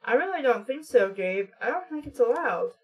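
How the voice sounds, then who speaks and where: Storybook dad: calm, cautious and measured, read by a woman. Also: on the high side, slightly rough, lo-fi sound. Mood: patient. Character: calm cautious father on vacation.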